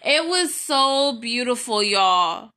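A young woman vlogger, her voice on the high side, slow, bright and forceful with lively intonation, tells a casual story to her viewers. Devout and chatty, she calls them y'all and offers prayerful asides, though her allergies are acting up and her nose itches.

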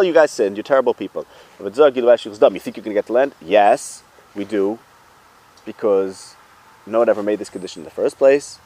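A man's voice: lowish voice, darkish tone. A man giving an informal Torah lesson, talking things through conversationally with rhetorical questions and restarts. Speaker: Torah teacher.

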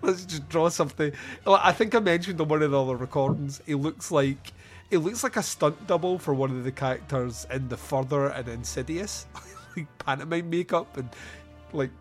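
A man's voice: a little high, moderate pace, faint music behind. A man hosting a podcast, chatting casually about a film, laughing often and acting out lines in silly voices. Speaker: podcast host. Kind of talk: casual film review chat.

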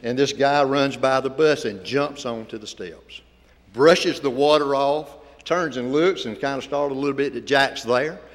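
A man's voice: medium pitch, normal speed. A man speaking to a church congregation as a visiting ministry speaker, telling a folksy story and then making an earnest appeal. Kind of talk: sermon with storytelling. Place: church sanctuary. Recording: reverberant church hall.

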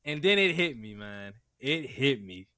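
A man co-hosting a casual podcast, who rambles with excitement and uses lots of fillers. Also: mid-range voice, a little slow, dry recording, studio quality. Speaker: podcast co-host. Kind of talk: casual chat.

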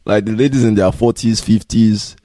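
A man's voice: lowish voice, moderate pace, no echo. Teasing young man, dry close sound. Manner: relaxed, teasing, laughs often. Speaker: podcast co-host. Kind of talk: casual chat.

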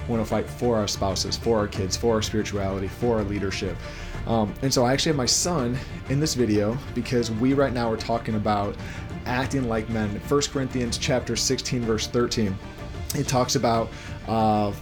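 At home with his young son in his arms, a Christian men's podcast host and father gives a casual devotional talk to other men. His mid-range voice stays steady at a moderate pace over music, and he fills the loose, conversational talk with rhetorical questions.

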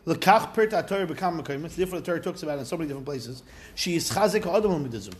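Lively high-voiced man teaching. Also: racing. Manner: lively, conversational, mixes Hebrew phrases into English. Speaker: Torah teacher. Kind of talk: informal Torah class.

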